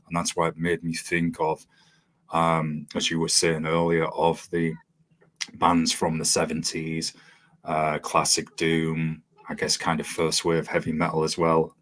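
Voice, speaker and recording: Guy hosting a podcast, very low voice, laughs a lot, rambly stories. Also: monotone, a little slow, a bit bright. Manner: chatty, laughing, storytelling. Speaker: podcast host. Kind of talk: casual interview chat.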